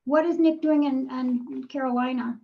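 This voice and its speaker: Gravelly high-voiced woman medium. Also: steady tone, moderate pace, highs cut off. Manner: probing questions, calls the sitter darling and sweetheart. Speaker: psychic medium. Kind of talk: live reading.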